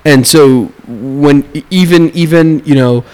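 A man in casual conversation, talking in an animated way, restarting his sentences and acting out what other people say. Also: fairly high pitch, a little slow. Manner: animated, restarts often, acts out quoted speech.

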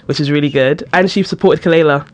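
A woman's voice: low-pitched, quick pace, soft background music. A young woman, a university student guest, chatting playfully with giggles. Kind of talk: casual chat.

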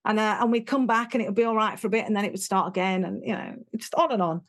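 Animated English woman telling her story. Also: medium pitch. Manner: animated, frank, voices quoted people, quick laughs. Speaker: guest. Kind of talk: personal storytelling in an interview.

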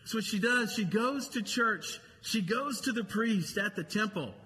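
A man's voice: high-pitched, lively intonation, measured pace, sharp tone, slight background noise. Man, pastor, sermon, conversational preaching, repeats phrases for emphasis, long church-hall reverb, faint background ambience.

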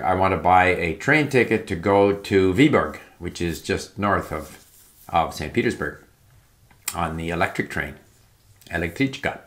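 A man's voice: fairly low pitch, fairly bright tone. A man giving casual, rambling spoken advice about language learning, with frequent fillers and restarts. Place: home in Palm Springs.

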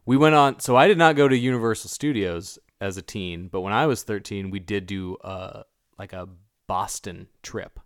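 A man in casual podcast chat, telling animated stories about a film. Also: fairly low pitch, moderate pace, smooth, no echo, studio quality. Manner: animated storyteller, mimics voices in anecdotes.

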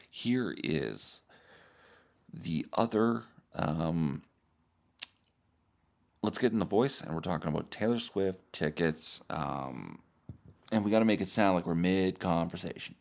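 Low-voiced guy on a solo podcast, swears a lot, makes fun of himself, keeps redoing takes. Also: animated, takes it slowly, vocal fry, long pauses. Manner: profane, self-mocking, restarts takes. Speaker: podcast host.

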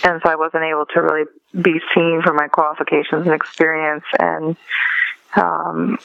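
A woman author being interviewed over a phone line, hesitant and soft, with many fillers. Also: sits low, little pitch movement, moderate pace, creaky. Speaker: author and guest.

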